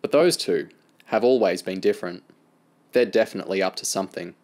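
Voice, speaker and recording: A man's voice: low voice, fairly quick, darkish tone, natural voice. A man reading aloud and voicing a blunt, worried middle-aged mother. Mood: uneasy.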